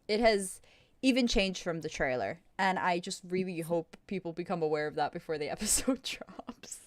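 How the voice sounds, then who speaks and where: Lively young woman streamer, dry sound. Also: fairly low pitch, dry recording. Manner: excitable, swears casually, bursts into laughter. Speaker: streamer hosting a Q&A. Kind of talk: casual livestream chat.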